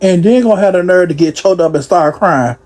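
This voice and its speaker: A man giving casual reaction commentary in an animated, mocking way, laughing often. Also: high-pitched, brisk.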